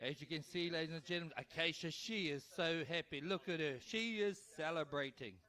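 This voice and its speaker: A man calling a canoe race live as announcer, excitable and urging the crowd to cheer. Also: a little high, a little fast. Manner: excitable, urges the crowd, tongue-tied at times. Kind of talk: live sports commentary. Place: outdoor regatta venue.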